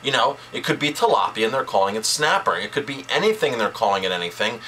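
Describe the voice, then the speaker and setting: Forceful, indignant male chef. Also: mid-range voice, sing-song, fast talker, a little hiss or hum, poor audio. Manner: indignant, emphatic, repeats words for stress. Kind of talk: direct-to-camera vlog rant.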